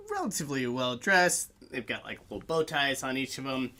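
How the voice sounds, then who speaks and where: Bright-toned man narrating a tabletop game. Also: medium pitch, animated. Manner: halting, filler-heavy. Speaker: game master.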